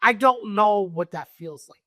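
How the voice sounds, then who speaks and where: A middle-aged woman with a naturally loud, carrying voice tells a deeply personal story as an interview guest. She is animated and slips into the voices of the people she describes. Her pitch sits in the middle for a woman, and the sound is dry, with no room echo. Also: unhurried. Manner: animated, acts out what others said.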